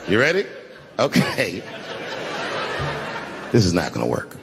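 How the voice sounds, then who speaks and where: A man in his forties doing a stand-up comedy set, telling stories and dropping his voice low for quoted lines. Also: huge pitch swings, measured pace, vocal fry, crowd noise, noisy background. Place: large live venue. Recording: echoey large venue with loud ambience.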